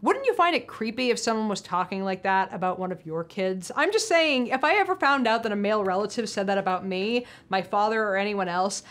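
A woman's voice: medium pitch, animated, brisk, few pauses, a bit bright. A woman in her thirties chatting casually, blunt and crude, with sarcastic asides. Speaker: podcast guest. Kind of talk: casual chat.

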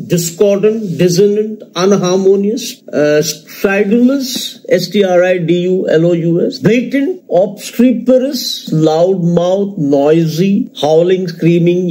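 A man's voice: sits high, dark tone, poor audio. A man with an Indian English accent teaching vocabulary for entrance exams, running through long lists of synonyms and spelling out words letter by letter. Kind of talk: exam-prep vocabulary lesson.

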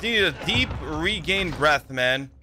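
A young man giving live commentary over his own shooter gameplay, talking in a loose, excitable way, swearing now and then and yelling when the fighting heats up. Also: fairly high pitch, unhurried, noisy background. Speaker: gaming YouTuber. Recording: gunfire sounds behind the voice.

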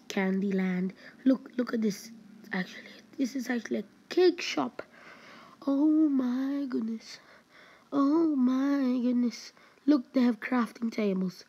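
A woman giving excited, meandering commentary while playing a game, full of fillers and exclamations. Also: mid-range voice, dull audio. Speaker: gameplay streamer. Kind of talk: gameplay commentary.

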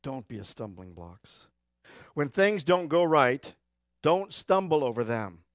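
A man preaching a church sermon, swinging between loud urgent exhortation and quiet low asides, with a Midwestern American accent. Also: very animated, measured pace, no echo, studio quality. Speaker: pastor. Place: church sanctuary.

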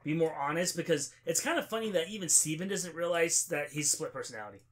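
A man's voice: fairly high pitch, animated, fast talker. A man co-hosting a podcast, musing loosely in casual chat with plenty of fillers. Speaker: podcast co-host.

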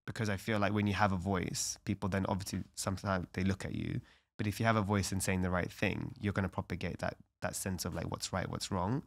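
A man's voice: low-pitched, fairly bright tone. A young adult man, a podcast guest talking earnestly and reflectively in casual conversation, with lots of "like" fillers.

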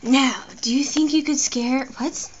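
A woman's voice: high-pitched, fairly even intonation, unhurried, background noise. Woman putting on a creepy pompous king. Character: creepy pompous male king of a game town. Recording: muffled lo-fi recording.

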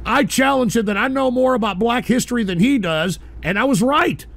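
A man's voice: very high voice, fairly quick, fairly bright tone. A man hosting a call-in radio show, ranting brashly, swearing and repeating himself as he takes calls. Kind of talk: profane call-in radio rant.

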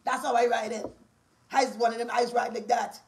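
A woman's voice: fairly high pitch, flat delivery, brisk, vocal fry. A woman with a Bahamian accent in an angry, profane ranting monologue, confrontational and repetitive.

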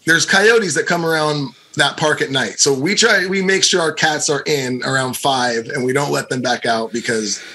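Middle-aged guy podcast cohost, bright voice, rambly and sweary, lots of likes and you knows. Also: fairly high pitch, normal speed, few pauses, slight background noise. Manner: animated, profane storyteller with many fillers. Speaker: podcast co-host. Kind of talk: casual storytelling chat.

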